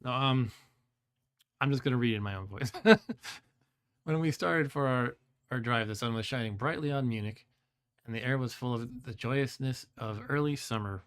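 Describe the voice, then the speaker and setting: This is a man in his forties reading a gamebook aloud in his own voice during a live stream, chatting casually between passages. His mid-range voice is smooth at a normal speed with long pauses, and he laughs lightly often while fumbling foreign words.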